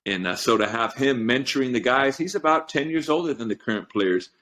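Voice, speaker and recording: A man's voice: mid-range voice, lively intonation, brisk, a bit bright. A middle-aged man, a strength coach, telling personal stories in a casual interview and turning emotional about them. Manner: earnest storytelling, gets emotional. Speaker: podcast guest, strength coach.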